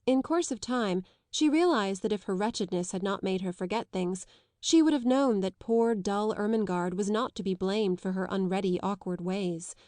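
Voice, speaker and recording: Woman audiobook narrator, measured literary reading, dry close sound, mid-pitched voice. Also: a little mellow, dry recording. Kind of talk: scripted narration of a classic novel.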